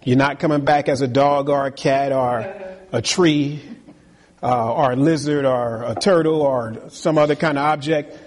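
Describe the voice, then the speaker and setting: A man's voice: mid-range voice, steady tone, unhurried, darkish tone, big-room sound. A male pastor delivering an earnest sermon full of repeated rhetorical questions, in a church.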